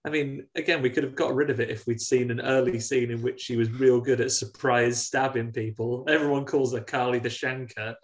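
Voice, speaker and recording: A man co-hosts a casual film podcast. He retells scenes in a chatty way and drops in jokey quoted voices. His voice sits at a middling pitch for a man. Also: steady tone, a little fast, few pauses. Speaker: podcast co-host. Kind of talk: casual film review chat.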